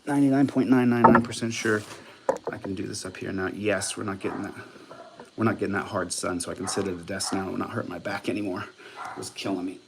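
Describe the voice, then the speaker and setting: A man hosting a livestream, reading out texts and commenting in a casual, profane, combative way that swings between loud outbursts and low mutters. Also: steady tone, fast, vocal fry, very noisy. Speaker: livestream host.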